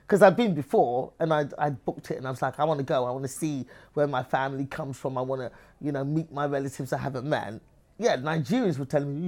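A woman's voice: low voice, quick pace, a little mellow. A woman with an English accent, a comedian talking as an interview guest, who acts out other people's voices as she tells stories. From England. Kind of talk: lively interview conversation.

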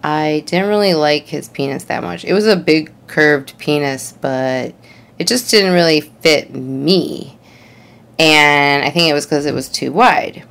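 A woman's voice: sits low, a little slow, creaky, a bit bright. A young woman telling a funny personal story in a chatty, rambling way, full of "like" and "you know.". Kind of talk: casual comedic storytelling.

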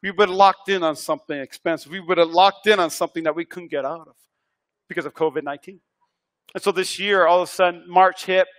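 A male pastor preaching a sermon, swinging between hushed lines and loud, emphatic repeats. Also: sits high, steady tone, brisk.

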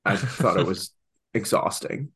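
Bright wry man with a Philly accent. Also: fairly low pitch, moderate pace, breathy edge. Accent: Philadelphia. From Philadelphia. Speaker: podcast co-host. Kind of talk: casual chat.

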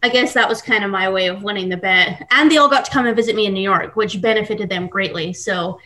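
A woman's voice: mid-range voice, fast talker, pushed and bright. A woman in her thirties, from Scotland and raised in Texas, telling stories in a casual podcast interview with an American accent that has a faint Scottish trace. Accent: American, with a light Scottish trace. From Scotland, raised in Austin, Texas. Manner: chatty storyteller, many fillers. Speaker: guest, baker.

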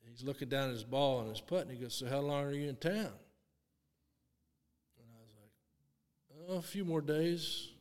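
A man in his sixties, a guest telling a lively story in a casual interview, acting out what people said and laughing often. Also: medium pitch, moderate pace, long pauses, long reverb tail. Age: 60s. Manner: animated storyteller, acts out quotes, laughs often. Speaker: guest, long drive champion.

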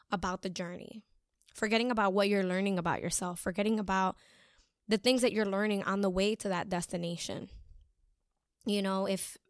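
A young woman shares a personal story in a casual, rambling monologue, full of fillers and quoted asides. Her voice is smooth and clear. It is recorded dry and close, with no room sound. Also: mid-range voice, dry recording. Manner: chatty, storytelling with many fillers and acted-out quotes. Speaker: speaker sharing a life lesson.

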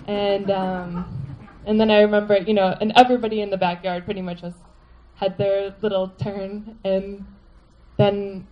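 A woman telling a personal story to a live audience, animated and laughing, full of "like" fillers. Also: medium pitch, normal speed, muffled recording.

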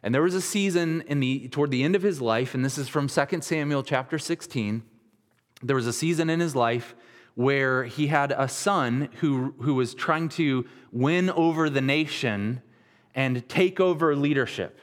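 A man's voice: mid-range voice, moderate pace, in a large hall. A man in his thirties giving a sermon as a pastor, retelling scripture in plain, conversational words with frequent restarts.

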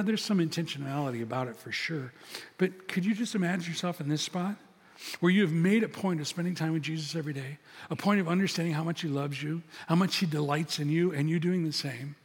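In a church sanctuary full of long, large-hall reverb, an older pastor delivers a conversational, story-driven sermon, voicing bits of dialogue himself. His voice is fairly high and slightly rough.

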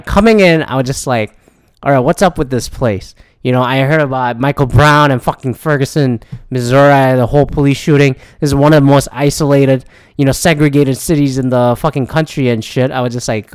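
A man's voice: a little high, smooth, dry recording. A man rambling casually and profanely about his travels, with frequent restarts and asides.

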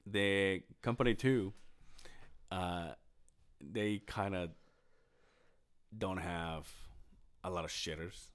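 A young man in casual podcast chat, telling a crude story with lots of swearing, laughing as he talks and shouting out the lines he quotes. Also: sits low, slow, pauses often, clear, resonant tone. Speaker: podcast co-host.

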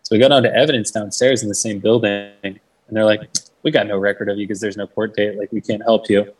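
A man's voice: on the low side, fairly even intonation, fast, breathy edge, far from the mic, faint music behind, rough recording. A young man telling a story in a casual interview. He swears freely, fills his talk with "like", and acts out the voices of the people he quotes. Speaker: guest. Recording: mic set back from the speaker.

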